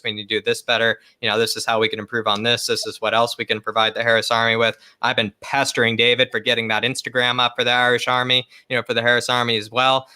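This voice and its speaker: A man's voice: medium pitch, bright, forceful tone, dry recording. A man co-hosting a fan channel live stream, talking emphatically and repeating his points. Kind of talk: casual live-stream chat.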